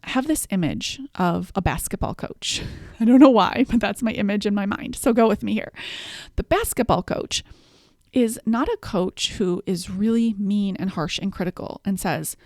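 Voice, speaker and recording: A woman's voice: medium pitch, animated, normal speed, darkish tone, dry recording, studio quality. A woman hosting a self-help podcast, walking through numbered tips in an encouraging coaching tone. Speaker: podcast host.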